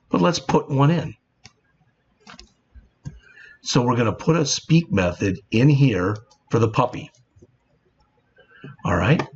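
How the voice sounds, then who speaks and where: A man with a lowish, breathy voice teaches programming in a screen-recorded coding tutorial. He explains in plain terms and often says "all right," and the recording sounds dull and lo-fi with faint background noise.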